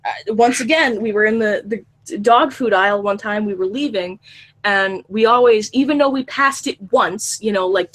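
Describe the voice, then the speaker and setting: A woman in her early twenties with a mid-range voice tells a funny story in casual chat. She's animated, laughs often and swears freely.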